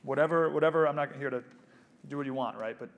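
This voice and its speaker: A man in his thirties giving a live motivational speech to an audience. He is animated and jokes with the crowd, then drops to a soft, hushed voice. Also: medium pitch, fast talker, creaky. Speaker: speaker at a pro-life event. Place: event venue with a live audience.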